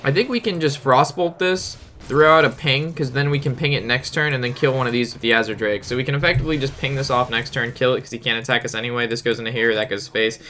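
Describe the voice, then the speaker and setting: A man's voice: mid-range voice, quick pace, few pauses, a little hiss or hum. Profane, rambling young gaming streamer man. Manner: rambling, profane, animated storytelling. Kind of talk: casual storytelling while playing a card game.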